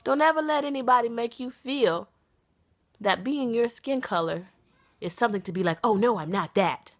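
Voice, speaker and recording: An American woman in her thirties, vlogging casually from home with a stuffy nose from a cold, animated and playful, sometimes slipping into put-on accents. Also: on the high side, normal speed. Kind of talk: casual vlog talk. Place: at home, downstairs.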